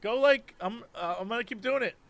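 A man co-hosting a podcast, chatting casually and thinking out loud. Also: very high-pitched, brisk, creaky, a crowd in the background. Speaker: podcast co-host. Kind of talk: casual chat.

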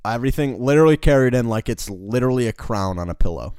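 A man's voice: mid-range voice, expressive, quick pace, darkish tone, clean tone, no echo, clean studio sound. A young man casually telling a work story, rambling with lots of fillers and frequent laughs.

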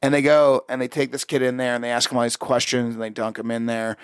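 A man telling a story in casual, profane chat, animated and swearing often. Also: mid-range voice, quick pace, smooth, no room sound, studio quality.

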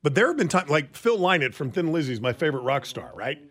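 A man hosts a radio talk show in a casual, joking way. His voice sits a bit high and moves around a great deal. He reads out items between the chatter. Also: big pitch swings, fast, fairly bright tone.

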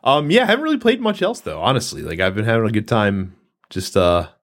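A man's voice: on the low side, big pitch swings, fast. A man co-hosting a casual gaming podcast, talking in a chatty way with many fillers and restarts. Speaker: podcast co-host. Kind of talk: casual chat.

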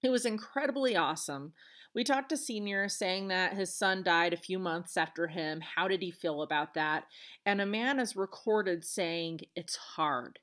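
A woman's voice: lowish voice, normal speed, fairly bright tone. Chatty woman podcast host. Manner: chatty, earnest retelling with casual asides. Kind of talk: solo podcast storytelling.

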